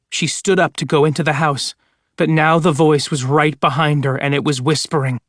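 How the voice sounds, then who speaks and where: A man's voice: a little high, steady tone, normal speed, a bit bright, dry recording, clean studio sound. A man narrating an audiobook of scary stories with dramatic storytelling. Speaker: audiobook reader.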